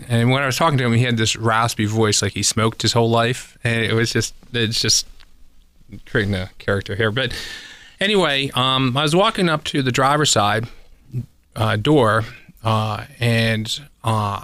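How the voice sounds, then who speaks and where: A man's voice: mid-range voice, fairly bright tone, dry recording. Rambling man telling a story on radio. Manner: rambling, chuckling, many fillers. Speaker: pest control technician, radio guest. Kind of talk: casual radio interview storytelling.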